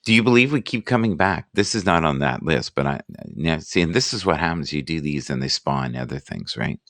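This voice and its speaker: A man hosting a casual live morning chat, musing and self-deprecating, reading out sayings slowly. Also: rumbling low, lively intonation, a bit bright, no room sound.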